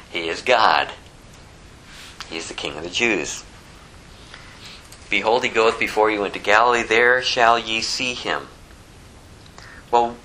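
A male pastor preaching with a very bright, sharp tone. He teaches verse by verse, rising to loud, emphatic peaks and dropping to quiet, low asides. A faint hiss sits under the recording. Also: rough recording. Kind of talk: sermon.

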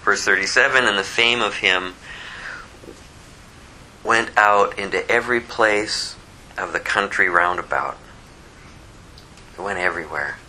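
Man, pastor, Bible sermon, animated, very bright sharp voice, faint background noise. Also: lowish voice, measured pace, long pauses, low-quality recording. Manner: animated, swings from hushed to loud emphatic bursts; reads scripture aloud in King James wording.

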